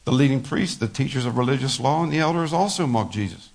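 A man's voice: medium pitch, lively intonation, fast talker, gravelly, a little mellow. An older man, a pastor, giving a folksy sermon full of stories, laughter and repeated words. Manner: folksy storytelling with laughter and repetitions.

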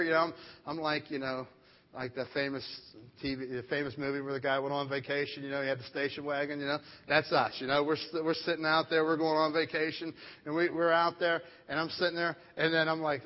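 A male pastor preaching a sermon, telling a lively personal story and acting out family members. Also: on the high side, quick pace, big-room sound, lo-fi sound.

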